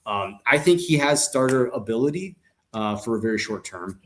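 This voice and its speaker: A man's voice: medium pitch, normal speed. A man co-hosting a sports podcast, talking casually with jokes, fillers and restarts. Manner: animated, joking, many fillers and restarts. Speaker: podcast co-host.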